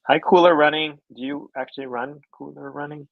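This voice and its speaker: A man's voice: on the high side, steady tone, fairly quick, vocal fry, no echo, phone-quality sound. A man on a whisky tasting panel, bantering casually and laughing often.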